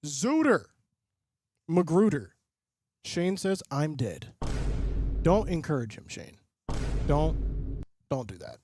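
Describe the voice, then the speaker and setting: A man doing live play-by-play commentary and reaction as a streamer host, excitable and often breaking into loud hype. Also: fairly high pitch, slow, pauses often, background noise. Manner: excitable, swings into loud bursts of call-style hype. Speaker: livestream host and sports fan.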